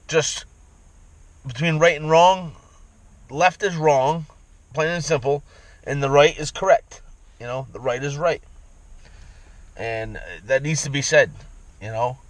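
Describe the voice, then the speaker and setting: A man vents in a rambling, profane rant, circling back and repeating his points. His voice sits a bit high for a man, and the sound is close and dry, with no room echo. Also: slow, long pauses. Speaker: vlogger. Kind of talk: angry ranting monologue.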